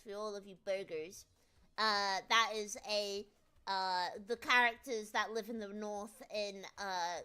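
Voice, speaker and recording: A woman's voice: medium pitch, bright, forceful tone. A woman with a British accent chatting casually on a livestream, teasing her viewers with jokey banter and frequent restarts. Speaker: VTuber streamer.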